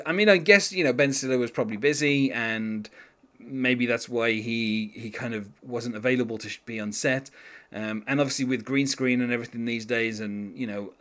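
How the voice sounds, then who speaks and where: A man's voice: mid-range voice, a bit bright. A man talking casually as a podcast co-host, rambling with lots of fillers and restarts and laughing now and then. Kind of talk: casual chat.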